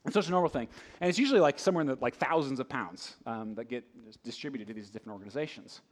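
A man preaching a conversational sermon, asking the room rhetorical questions and swinging between loud emphasis and hushed asides. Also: mid-range voice, very fast. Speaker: pastor.

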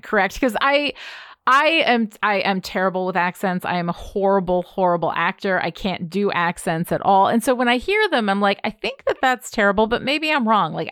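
Chatty podcast lady, smooth clear voice, dry close sound, lots of ums and likes. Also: mid-range voice, a bit bright, no echo. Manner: chatty, lots of fillers and repeated words. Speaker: podcast co-host. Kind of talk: casual chat about a TV show.

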